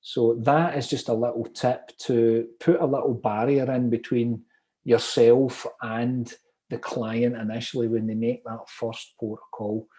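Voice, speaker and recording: A man's voice: mid-range voice, little pitch movement, measured pace, warm tone. A man from Glasgow with a strong Glaswegian Scottish accent, leading an online property training session in a chatty, upbeat way and reading out viewer comments. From Scotland, Glasgow.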